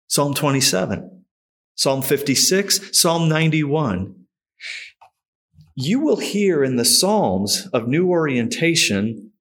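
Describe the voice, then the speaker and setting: A man's voice: fairly high pitch, a bit bright. A man preaching a sermon, reading scripture aloud and stressing words with feeling. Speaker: pastor.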